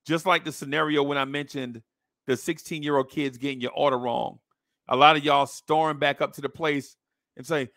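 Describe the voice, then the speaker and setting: Man, podcast host, blunt slangy rant, mocking tone, bright edgy voice, slightly high pitch. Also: fairly even intonation, normal speed, no echo, clean studio sound. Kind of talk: opinion rant to camera.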